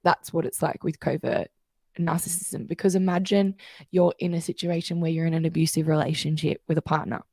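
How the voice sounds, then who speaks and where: A woman's voice: deep voice, little pitch movement, fairly quick, gravelly, a little mellow, dry recording, clean studio sound. A woman guest coach explaining things in casual interview chat, telling stories and acting out the voices she quotes.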